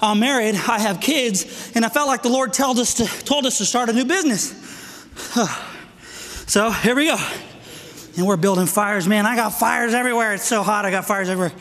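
A middle-aged man preaching a sermon to men, energetic and out of breath, calling for amens. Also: sits high, brisk. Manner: energetic, calls for amens, asks "right?". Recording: echoey hall with long reverb.

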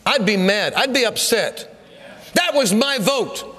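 High, lively-voiced man preaching in a hall. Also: a little slow. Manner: emphatic, repetitive, builds to shouts. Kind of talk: sermon. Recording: hall reverb.

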